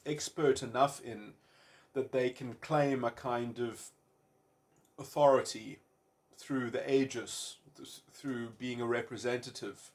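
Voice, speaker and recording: A man giving an unscripted philosophical monologue, stopping often to search for words, with many fillers and repeated starts and abstract, wordy phrasing. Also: medium pitch. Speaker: commentator.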